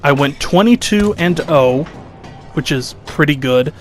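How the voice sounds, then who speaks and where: A man's voice: a little high, expressive, a little slow, soft background music. A young man doing sarcastic, exasperated commentary over gameplay footage, mocking his critics. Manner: exasperated, sarcastic, mocks critics in whiny voices. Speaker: gaming commentator.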